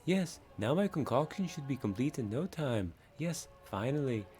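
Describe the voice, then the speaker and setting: An overjoyed potion brewer, giddy and excitable, as a streamer puts him on. The voice rises higher than the man's usual speech. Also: normal speed, soft background music, lightly acted.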